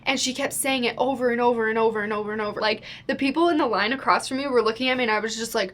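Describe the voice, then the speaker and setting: A woman's voice: a little high, fast, a bit bright, slight background noise. A young woman telling a storytime vlog to the camera, chatty and exasperated, full of "like". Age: young adult. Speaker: vlogger.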